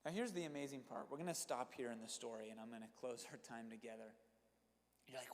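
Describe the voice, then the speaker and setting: A man's voice: medium pitch, quick pace, in a large hall. A man preaching a sermon to students, emphatic and direct, repeating phrases for effect and speaking straight to his listeners. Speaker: youth pastor.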